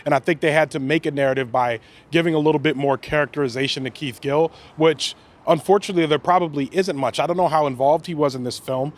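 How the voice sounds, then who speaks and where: A man's voice: a little high, fast. A man hosting a podcast, chatting casually about a film, loose and rambling with lots of fillers. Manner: relaxed, rambling, lots of "like" and restarts. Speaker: podcast host. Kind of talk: casual movie review chat.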